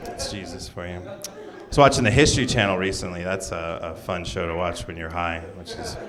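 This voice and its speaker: A man's voice: sits low, fairly even intonation, brisk. A young man performing a loose, jokey stand-up set on a club stage, talking to the audience between bits. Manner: loose, jokey delivery with asides to the crowd. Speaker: stand-up comedian. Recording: live club recording with crowd. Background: audience laughter and clapping.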